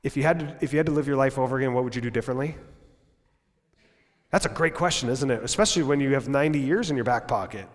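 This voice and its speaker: A man, the pastor, preaching a lively sermon in a church. He acts out bits of dialogue in raised voices and drops to low, quiet tones for emphasis. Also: fast. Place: church sanctuary. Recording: long church reverb.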